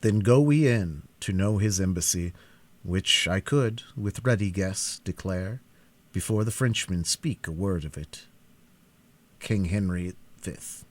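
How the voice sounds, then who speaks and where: A man reading a classic novel aloud in a live cold-read, with a dramatic, expressive delivery. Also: sits low, unhurried. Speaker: audiobook reader.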